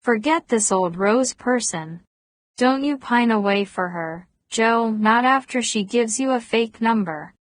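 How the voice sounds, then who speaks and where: A woman voicing a teasing Deep South woman with a smoky voice in an audiobook, speaking slowly. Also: lively intonation, no room sound, studio quality.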